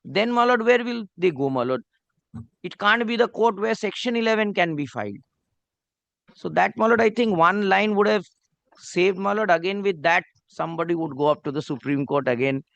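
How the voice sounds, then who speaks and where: Bengali-accented lawyer guy, high gravelly voice, dry courtroom sound, super deferential. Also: animated, moderate pace, fairly bright tone, no room sound, dull audio. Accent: Indian English, Bengali. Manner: deferential, says "my lord" constantly, reads clauses aloud. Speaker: advocate arguing before a judge. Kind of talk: courtroom legal argument.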